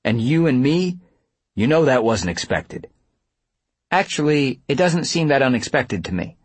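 A man reading a novel aloud, voicing a wry, teasing young woman with a lifted, lively voice. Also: mid-range voice, a little slow, slightly rough, dry recording.

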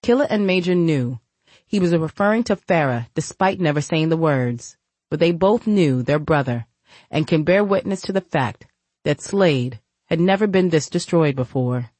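A woman narrating an audiobook in steady storytelling. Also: deep voice, no echo. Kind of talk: scripted narration.

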